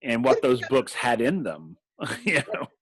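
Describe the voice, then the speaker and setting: A man's voice: medium pitch, big pitch swings, a little slow, husky, poor audio. A man in casual chat about tabletop games, rambling with restarts and laughing often. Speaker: game master and podcast host.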